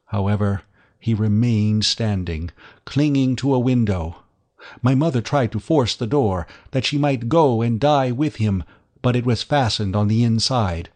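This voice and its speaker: Male narrator for classic-novel audiobook; lower voice, steady, dramatic read.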